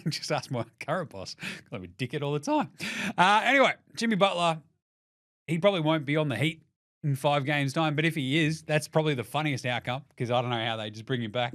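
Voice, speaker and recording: A man's voice: a little high, fairly bright tone. A man in his thirties with an Australian accent, hosting a casual sports podcast, rambling and swearing as he jokes and puts on silly voices for quotes. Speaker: podcast host.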